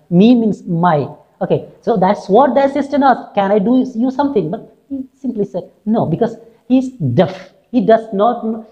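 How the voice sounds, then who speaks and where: Woman teacher paraphrasing a play, dull lo-fi sound. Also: medium pitch. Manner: explains each line in simple paraphrase; uses many fillers and asks "right?". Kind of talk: reading and explaining a play text. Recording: dull lo-fi recording.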